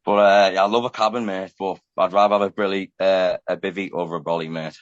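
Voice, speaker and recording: A man talks easily in a casual podcast chat, dropping "mate" at the end of nearly every phrase. His voice sits on the low side. The sound is dry and a little muffled. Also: flat delivery, fast talker, no echo. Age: 30s. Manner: casual chatty, says "mate" constantly. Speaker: podcast guest.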